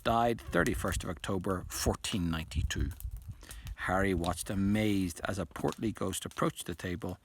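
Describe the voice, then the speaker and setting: A man's voice: sits low, normal speed, vocal fry, a little hiss or hum. A man reading a novel aloud, with occasional slips and restarts. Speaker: reader.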